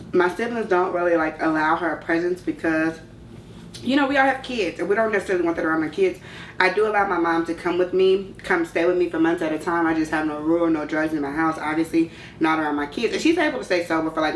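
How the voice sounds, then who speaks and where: Candid, slangy woman in her 30s, vlog Q&A host; slightly low voice, roomy distant sound. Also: slight background noise. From California. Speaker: vlogger. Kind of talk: casual Q&A chat.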